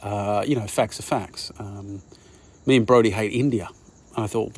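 A man's voice: on the low side, a little fast, slightly rough. A man with an Australian accent, talking casually in a rambling monologue and often saying "mate". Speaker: podcast host.

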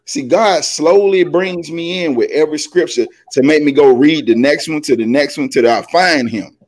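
A man's voice: fairly high pitch, normal speed, darkish tone. A man co-hosting a faith podcast, sermonizing in a casual, folksy way with slang. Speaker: podcast co-host. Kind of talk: faith-based podcast talk.

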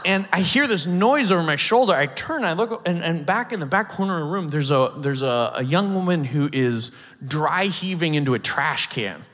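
A man from the United States preaching, telling a story in an animated way, acting out the quotes and laughing now and then. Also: fairly high pitch, normal speed, few pauses. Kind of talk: sermon storytelling. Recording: long hall reverb.

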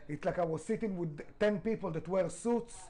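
Man, middle-aged, fairly high voice, emphatic, swears freely, non-native grammar, podcast interview guest. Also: normal speed, dark tone, low-quality recording. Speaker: restaurant founder, guest.

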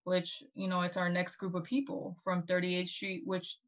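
A woman's voice: lowish voice, monotone, normal speed, lo-fi sound. A woman co-hosting a casual history discussion, rambling along with lots of "like" and restarts. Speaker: podcast co-host.

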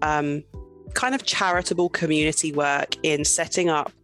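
A young adult woman, a guest in a casual interview, talking in a lively way and laughing often. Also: deep voice, moderate pace, soft background music.

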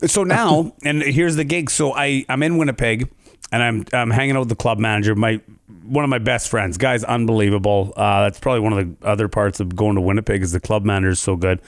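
A comedian from Canada telling a story in casual chat, jumping into high voices to act out other people. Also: male voice, fairly even intonation, a little fast, no room sound, clean studio sound.

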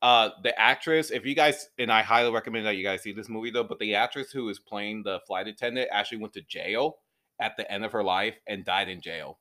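A man co-hosting a casual movie review podcast who retells scenes with lively acted-out quotes. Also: lowish voice, a little fast. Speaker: podcast co-host.

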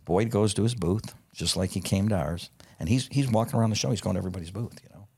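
A middle-aged man telling a profane, lively anecdote in casual conversation. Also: fairly low pitch, quick pace, breathy edge. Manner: profane, animated anecdote teller. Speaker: guest. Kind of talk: casual storytelling.

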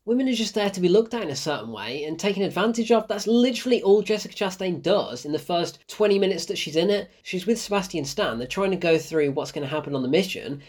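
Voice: medium pitch, a little mellow, husky. Exasperated film reviewer. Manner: exasperated, sarcastic, laughing often, swearing. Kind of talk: casual spoken review.

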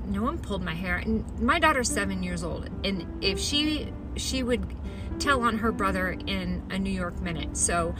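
A middle-aged woman telling a personal story in a chatty, animated way, acting out the voices of the people in it. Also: mid-range voice. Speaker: storyteller recounting her own experience. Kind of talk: casual spoken storytelling.

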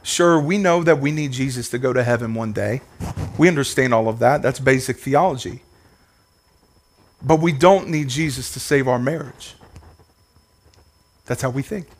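A male pastor with a mid-range voice preaches a sermon with fervent energy at a moderate pace, leaving long pauses. His delivery has a sing-song cadence and repeated phrases, and he calls out to the congregation.

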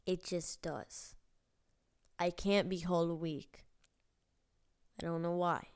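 Woman with a very smooth, resonant voice. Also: on the low side, steady tone, a little mellow. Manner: rambling, halting, with swearing and many fillers. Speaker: vlogger. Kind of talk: casual personal storytelling.

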